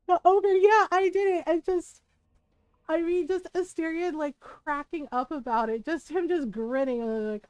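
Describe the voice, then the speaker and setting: A woman's voice: sits high, normal speed, a little mellow, no room sound, low-quality recording. A woman streamer chatting casually while she plays, rambling and giggling, with lots of "like" and "right?". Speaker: game streamer. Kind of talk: casual gameplay commentary.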